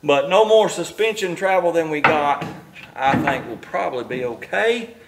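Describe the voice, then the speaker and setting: Man, garage vlog host, breathy, lively pitch, talks in a folksy ramble. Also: normal speed, background noise. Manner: folksy drawl, rambling and self-deprecating. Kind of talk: casual workshop vlog. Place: home garage.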